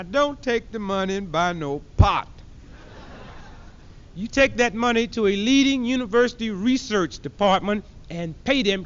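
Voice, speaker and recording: A high-voiced man runs a punchy stand-up routine, mocking his targets and slipping into characters as he goes. The sound is dull and muffled, like a 1970s archive tape. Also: a bit bright, a little hiss or hum. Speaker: comedian.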